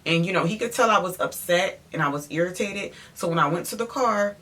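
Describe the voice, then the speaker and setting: A woman interior designer telling a story in an animated, emphatic way, speaking straight to her viewers. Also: on the low side, brisk. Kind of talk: storytime vlog.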